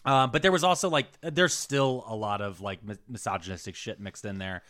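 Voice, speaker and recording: A man's voice: fairly low pitch, steady tone, brisk, fairly bright tone. A man co-hosting a podcast, talking through history in casual chat, swearing freely and dropping into mocking quoted voices. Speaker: podcast co-host.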